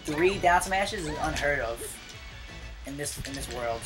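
A woman's voice: sits low, animated, a little slow, rough recording. A young woman streaming, chatting casually and bluntly over a match, swearing a lot and rambling. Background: music.

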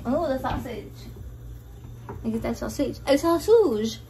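A woman's voice: high voice, expressive, unhurried, warm tone. A young woman cooking at home, talking casually and playfully, swearing a lot and switching between Spanish and English. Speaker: home cook vlogger. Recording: noisy home kitchen recording.

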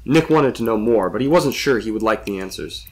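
A man reading a spooky story aloud in scripted narration, with expressive delivery. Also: lowish voice, brisk.

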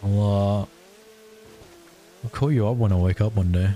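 A man streaming a roleplay game, chatting casually with friends, playful and quick to laugh. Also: on the low side, mellow. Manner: laughing, playful, talks in a pirate growl. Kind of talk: casual gaming chat.

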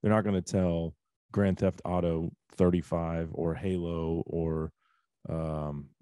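Deep-voiced ranting man in his forties. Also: level tone, slow, mellow, smooth, dry recording, studio quality. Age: 40s. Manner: blunt, ranting, rhetorical questions. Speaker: host. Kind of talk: casual podcast chat.

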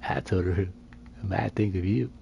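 A man's voice: low-pitched, fairly even intonation, normal speed, creaky, dull audio, slight background noise. A man live-streaming a roleplay, trading flirty, joking banter and putting on a street accent now and then. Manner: slips into a put-on street accent.

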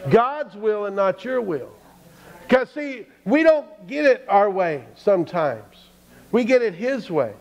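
Preacher guy, really high voice, sermon storytelling, kinda dull lo-fi church stream sound. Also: sing-song, takes it slowly, darkish tone. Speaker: pastor.

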